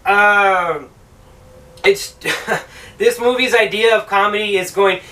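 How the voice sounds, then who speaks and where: Profane, high-voiced man ranting about a film. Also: slow pace, pushed and bright, far from the mic, a little hiss or hum, poor audio. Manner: profane, exasperated, sarcastic. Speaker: film reviewer, show host.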